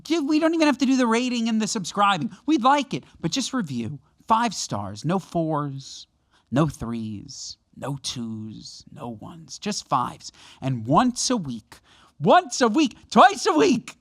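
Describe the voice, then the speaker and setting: A man's voice: sits high, sing-song, unhurried, no echo, studio quality. A man co-hosting a casual comedy podcast, ranting in mock outrage about small gripes. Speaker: podcast co-host.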